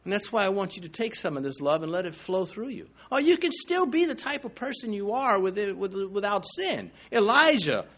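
A man preaching a sermon, emphatic and swinging between loud declarations and hushed asides. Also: sits high, sing-song, a little fast, few pauses. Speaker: pastor.

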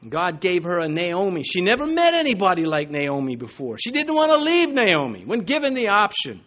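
Middle-aged pastor, animated sermon delivery, high, swooping voice. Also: male voice, moderate pace. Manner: animated preaching with jokes and asides.

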